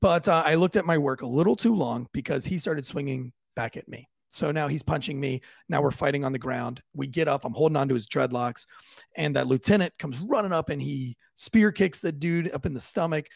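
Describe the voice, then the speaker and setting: A man, a police officer, casually telling a profane, lively story on a podcast and acting out the voices of the people in it. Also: on the high side, fairly quick, creaky, no room sound.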